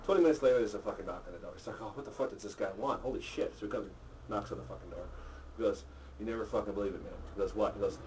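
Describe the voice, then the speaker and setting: A man's voice: fairly low pitch, rapid-fire, darkish tone, recorded from a distance, a little hiss or hum. A man telling crude, profanity-filled jokes to friends in an apartment, acting out each character. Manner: crude, swears freely, acts out characters. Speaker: joke teller.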